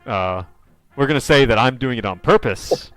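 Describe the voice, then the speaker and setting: A man running a tabletop horror game as game master, chatting casually with quick asides. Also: medium pitch, animated, a bit bright, no room sound, faint music behind.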